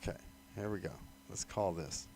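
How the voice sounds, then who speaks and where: A man's voice: low voice, steady tone, moderate pace, vocal fry, darkish tone, slight background noise. A man hosting a livestream, ranting angrily with lots of swearing while he dials a phone line. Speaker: livestream host. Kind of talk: angry livestream rant.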